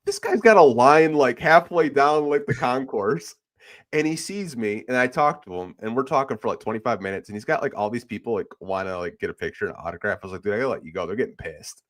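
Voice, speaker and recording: A man's voice: mid-range voice, animated, fairly quick. A man in his thirties hosting a podcast, telling chatty anecdotes and acting out what others said. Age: 30s. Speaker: podcast host. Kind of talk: casual chat.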